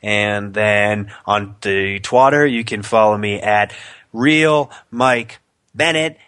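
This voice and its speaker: A man's voice: on the low side, slow, a bit bright, smooth, no echo, studio quality. Sick, nasal man joking around. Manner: joking, self-deprecating. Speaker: podcast co-host. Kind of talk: casual chat.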